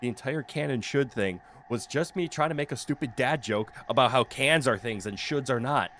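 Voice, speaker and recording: A man's voice: mid-range voice, moderate pace, fairly bright tone. A man streaming a video game in casual commentary, joking, swearing freely and laughing often, into a desk mic with a noise canceller.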